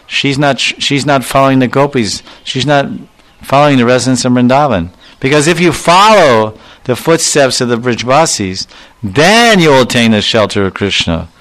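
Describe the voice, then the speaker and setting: A man's voice: mid-range voice, a bit bright. Guy giving a spiritual talk, tells the story and acts out the lines, medium voice. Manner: storytelling, acting out dialogue with quoted Sanskrit-Bengali terms. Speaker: spiritual teacher. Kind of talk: devotional lecture.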